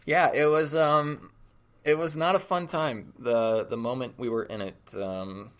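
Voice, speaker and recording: A man's voice: medium pitch, steady tone, a little slow, fairly bright tone, clean tone. A young man in casual podcast conversation as a guest, easygoing, often repeating words as he restarts a thought. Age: young adult.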